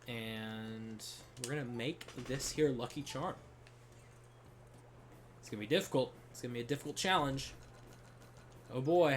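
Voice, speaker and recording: A man streaming a game, talking in a relaxed, chatty commentary style to his viewers, with faint game music behind. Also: medium pitch.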